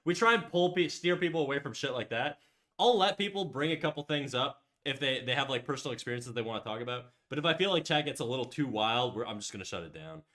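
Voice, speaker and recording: A man's voice: medium pitch, lively intonation, quick pace, fairly bright tone. A male livestreamer chatting casually with his viewers while he draws. He rambles through tangents with constant filler words and casual swearing, in a mid-range voice, and stops now and then to read out chat messages and answer them. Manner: rambling, lots of "like" and restarts, swears. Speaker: livestream host.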